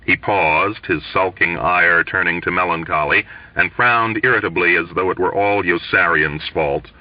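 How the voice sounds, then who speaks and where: A man reading a novel aloud as an audiobook, telling the story in an expressive, lively way. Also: deep voice, normal speed, no echo. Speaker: audiobook reader. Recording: dull lo-fi dry recording.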